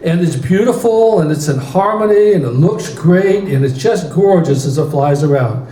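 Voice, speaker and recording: A man voicing a patient, wise male guardian angel who explains things gently. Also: fairly high pitch, lively intonation, normal speed, lightly acted. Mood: teaching. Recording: roomy church hall, faint ambience.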